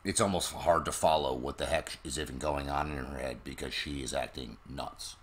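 A man's voice: rumbling low, normal speed, slightly rough. A man co-hosting a casual book-discussion podcast, talking in a blunt, wry way. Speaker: podcast co-host.

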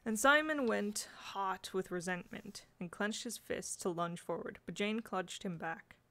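A woman's voice: medium pitch, unhurried, a bit bright. A woman reading a children's novel aloud as an amateur narrator, with occasional slips and restarts. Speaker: audiobook reader. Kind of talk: storybook narration.

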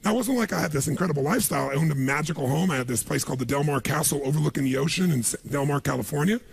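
Energetic male seminar speaker, gravelly and husky, working a live audience in a big hall. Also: on the high side, very fast. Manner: energetic, calls for audience responses. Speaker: motivational speaker.

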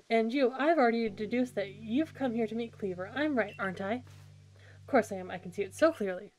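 A woman's voice: fairly high pitch, animated, measured pace, a little mellow. Woman playing a cocky boy warden. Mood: boastful. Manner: grandiose, self-assured. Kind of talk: reading game dialogue aloud. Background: game music.

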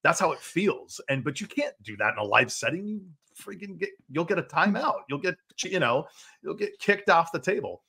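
A man's voice: a little high, lively intonation, moderate pace, vocal fry, bright, forceful tone, slightly rough. A man speaking as a podcast guest in casual chat, talking with emphatic enthusiasm.

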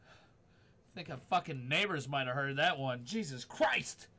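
A man's voice: a little high, lively intonation, measured pace, sharp tone. A man streaming a horror game live, swearing freely, startling easily and talking back to his chat. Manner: profane, jumpy, talks back to chat. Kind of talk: live gaming stream commentary. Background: game music.

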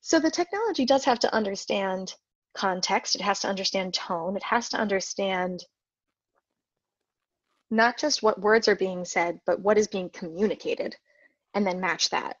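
A woman guest on an interview podcast, explaining technical ideas in a clear, methodical way with the odd restart. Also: medium pitch, moderate pace, dry recording. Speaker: guest, marketing manager. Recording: dull dry lo-fi sound.

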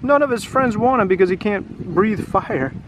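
A man's voice: high voice, normal speed. A man reading a picture book aloud in a casual, chatty way, musing aloud with questions, at an outdoor seaside park. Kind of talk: casual storybook read-aloud. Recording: noisy outdoor recording.

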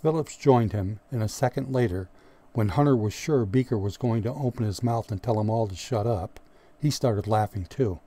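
A male audiobook narrator reading a story in a steady, measured way. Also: lowish voice, breathy edge. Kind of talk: scripted narration.

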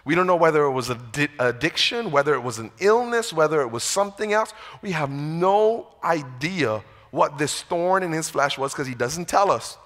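High-voiced man preaching in a reverberant hall. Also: lively intonation, moderate pace, few pauses. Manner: conversational preaching, swings from loud pleading to hushed quotes. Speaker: pastor. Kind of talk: sermon. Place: large church hall. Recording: long church reverb.

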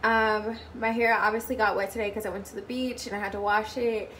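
A travel vlogger who isn't from Hawaii talks casually to the camera, tasting food between candid, chatty remarks; she sounds irritated and tired. Her medium-pitched voice is flat, a little fast, and a bit bright, with slight hiss or hum. She's indoors in a hotel room and also on the go.

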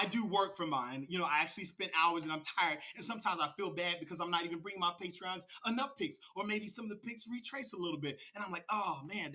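A hoarse, high-strung man hosting a livestream, mocking and confronting a rival in a rant. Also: pushed and bright. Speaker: crypto livestream host.

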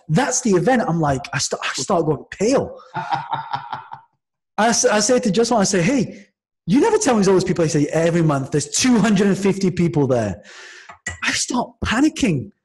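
A man from Manchester telling a story as a podcast guest, his voice sitting a little higher than most men's. He talks in a lively, conversational way, restarting phrases and acting out what people said. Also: fairly quick. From Manchester, England. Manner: lively, with frequent restarts and acted-out quotes. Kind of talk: animated storytelling in casual conversation.

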